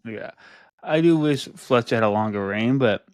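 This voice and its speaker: A man's voice: mid-range voice, normal speed, smooth, dry recording. A man co-hosting a podcast, chatting casually about wrestling and hedging his opinions with lots of "you know" and "like". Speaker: podcast co-host. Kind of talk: casual wrestling review chat.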